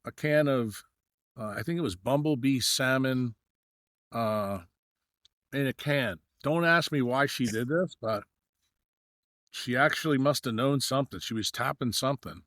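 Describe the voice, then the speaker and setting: A man's voice: medium pitch, a little slow, long pauses, fairly bright tone, no echo, clean studio sound. A middle-aged man from New York, a podcast guest telling long anecdotes with many fillers and acted-out dialogue. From New York, USA. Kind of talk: storytelling in a podcast interview.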